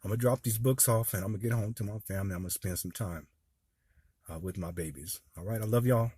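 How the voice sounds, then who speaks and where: Male vlogger, 50s, father; raspy voice, dry sound, heartfelt and emotional direct address. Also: fairly low pitch, fast talker, mellow, dry recording. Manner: earnest, speaks straight to his viewers. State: emotional, voice dropping low. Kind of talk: heartfelt personal talk to viewers.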